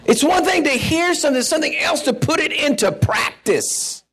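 Folksy preacher man, high voice. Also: normal speed. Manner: folksy, animated, with asides and shouted mock-rants. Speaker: pastor. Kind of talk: sermon.

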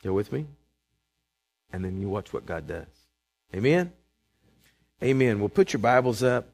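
A man, preaching a sermon to his congregation, emphatic and calling for responses, swinging between loud proclamations and quiet asides. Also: medium pitch. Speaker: pastor. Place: church sanctuary before a congregation.

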